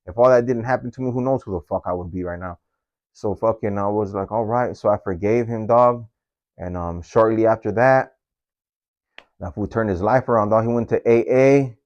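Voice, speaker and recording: A man's voice: lowish voice, normal speed, darkish tone, dull audio. A man, casually telling a personal story in street slang, tagging his phrases with homie, dog and fool.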